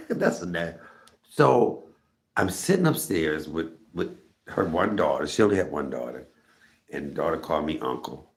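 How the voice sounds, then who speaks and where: Animated gravelly-voiced man telling a story. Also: a little slow, pauses often. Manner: animated, laughing, jumps into high excited pitch when retelling. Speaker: storytelling host of a live stream. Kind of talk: casual storytelling to viewers.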